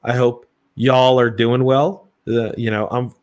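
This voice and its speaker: A man's voice: mid-range voice, little pitch movement, measured pace, a little mellow. A man with a Southern US accent co-hosting a live podcast, chatty and casual, often stammering on restarts. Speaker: podcast co-host.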